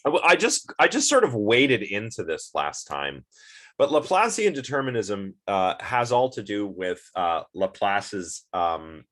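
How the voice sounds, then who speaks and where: A man's voice: fairly low pitch, sing-song, a little slow, fairly bright tone. A man lecturing on philosophy in a casual, rambling way, with many fillers and restarts. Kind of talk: recorded online lecture.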